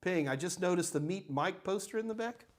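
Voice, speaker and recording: A man's voice: sits high, lively intonation, brisk. An older man hosting a live tech Q&A, answering chat questions in a blunt, emphatic, ranting way. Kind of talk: live Q&A stream.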